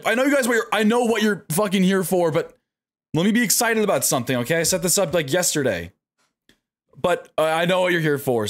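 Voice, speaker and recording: A man streaming a game live, his pitch swinging widely as he reacts. He talks to himself the whole time, swears freely, and coaxes himself through each attempt. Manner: animated self-talk, frequent swearing.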